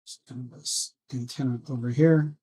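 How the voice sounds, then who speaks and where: A man hosting a casual build vlog, rambling softly to his viewers and himself while he works at a bench indoors. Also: medium pitch, steady tone, normal speed, breathy edge. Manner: soft, rambling self-talk with musing asides. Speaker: drone hobby channel host.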